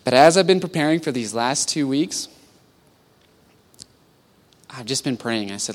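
A man preaching a sermon as pastor, earnest, climbing from quiet reflection to loud pleading peaks. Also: mid-range voice, animated, measured pace, pauses often. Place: church sanctuary.

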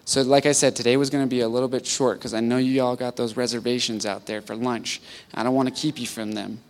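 A man preaching a sermon as pastor, earnest, climbing from quiet reflection to loud pleading peaks. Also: medium pitch, level tone, fast talker. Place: church sanctuary.

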